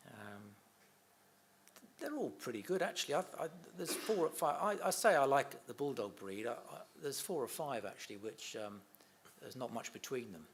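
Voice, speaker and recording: A man's voice: mid-range voice, animated, moderate pace, a little hiss or hum. A middle-aged man chatting casually in an interview, telling family anecdotes and laughing easily. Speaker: interview guest, son of a comedian.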